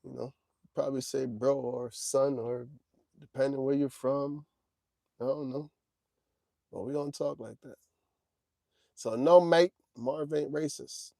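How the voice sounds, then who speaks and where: A man's voice: mid-range voice, fairly even intonation, a little slow, vocal fry, long pauses, warm tone, no room sound. A man in his forties hosting a trucking livestream, talking casually and directly to his chat. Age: 40s. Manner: laid-back, talks straight to chat, drawls "man" and "y'all".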